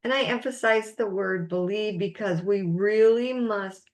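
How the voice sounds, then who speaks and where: A woman's voice: mid-range voice, steady tone, normal speed, few pauses. A woman life coach teaching a recorded masterclass, speaking in an encouraging, emphatic way and stressing key words.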